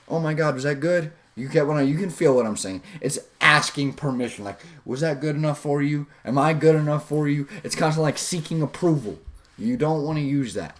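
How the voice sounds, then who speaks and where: A man hosting a self-improvement video, giving a casual, slangy motivational talk that includes guided visualizations. He swings his pitch up and down for emphasis.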